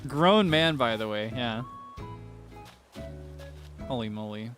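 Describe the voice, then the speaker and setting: A man's voice: medium pitch, lively intonation, slow pace, a bit bright, faint music behind. A young man chatting casually while streaming a game, theatrical and playfully whiny, laughing often.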